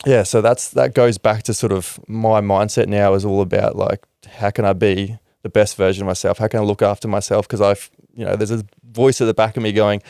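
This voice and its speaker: Frank young Australian man, low voice. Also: little pitch movement, brisk, gravelly, few pauses, a little mellow, no room sound, studio quality. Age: young adult. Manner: frank and reflective, with casual swearing and many fillers. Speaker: podcast guest, former rugby league player. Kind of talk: candid interview talk.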